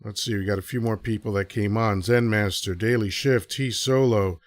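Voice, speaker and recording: A man's voice: fairly low pitch, fairly even intonation, normal speed, no echo. A man hosting a live audio show, talking casually to listeners and throwing out rhetorical questions. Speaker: podcast host.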